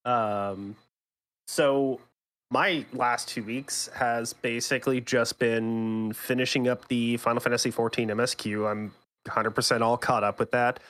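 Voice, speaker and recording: A man co-hosting a gaming podcast with a mid-pitched, everyday voice. He talks loosely and at length, ribbing his co-hosts and circling back over his own words as he goes. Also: steady tone, a little slow, fairly bright tone. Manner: teasing, rambling, with frequent restarts. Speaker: podcast co-host. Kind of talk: casual chat.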